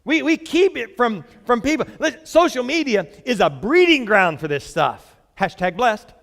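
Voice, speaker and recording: A man's voice: very high voice, big pitch swings, moderate pace, gravelly, fairly bright tone, long reverb tail. A pastor preaching a sermon to his church, joking along the way and reading scripture aloud with strong emphasis. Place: church sanctuary.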